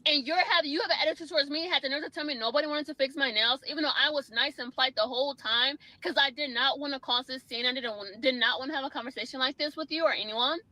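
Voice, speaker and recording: A woman's voice: sits high, bright, forceful tone, no room sound, low-quality recording. A young woman telling an exasperated storytime rant about a bad salon visit, casual and full of fillers. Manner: exasperated, quick with many fillers. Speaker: storyteller in a clip.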